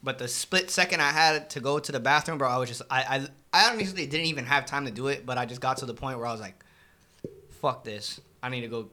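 A man chats candidly on a casual podcast, his voice bright and forward. He swears freely and often trails off mid-thought. His pitch sits mid-range. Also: fast. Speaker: podcast co-host. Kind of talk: casual chat.

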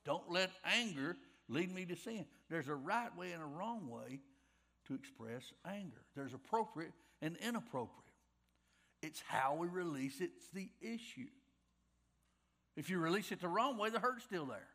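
Pastor guy, middle-aged, talks folksy and repeats himself, highish bright voice. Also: expressive, measured pace, gravelly. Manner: folksy, conversational preaching with repeated phrases. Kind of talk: sermon.

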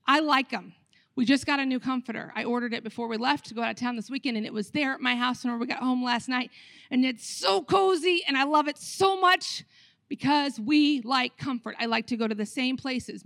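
A woman pastor preaching a sermon, telling the story with animated acted-out voices of the people. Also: fairly high pitch, no echo, studio quality.

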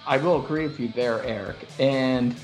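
A man hosting a casual music podcast, animated, laughing often and swearing freely. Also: medium pitch, moderate pace. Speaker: podcast host. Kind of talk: casual chat about music.

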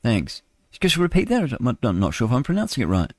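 A man's voice: medium pitch, huge pitch swings, fast talker, no echo, clean studio sound. A male radio host with a New Zealand accent, reading the news casually with stumbles and chatty asides.

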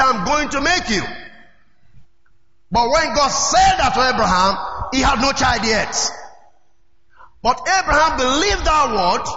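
A man preaching a sermon as pastor, emphatic and calling out to his congregation, now and then shouting key lines. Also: high-pitched, slight background noise. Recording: roomy hall echo, dull lo-fi sound.

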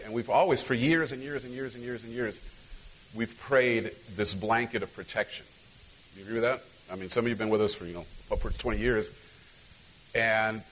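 A man's voice: mid-range voice, poor audio. A middle-aged man from Mexico who is a pastor, giving a loose, conversational sermon with repeated words, restarts and emphatic rhetorical questions.

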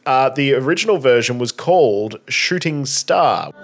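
A man's voice: mid-range voice, animated, unhurried, creaky, music in the background. A man co-hosting a podcast, chatting casually about songs with many fillers and restarts. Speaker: podcast co-host. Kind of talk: casual chat reviewing songs.

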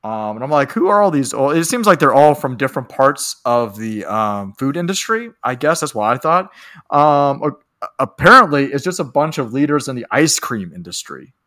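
A man's voice: mid-range voice, expressive, moderate pace, bright, forceful tone. A man co-hosting a casual movie-review chat, profane and rambling, with lots of fillers and frequent laughs. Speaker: podcast co-host.

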